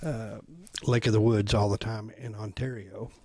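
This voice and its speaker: A man's voice: on the low side, little pitch movement, normal speed, a little mellow, no room sound. Chatty shop-owner host, man. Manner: friendly, chatty, with frequent fillers. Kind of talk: casual interview chat.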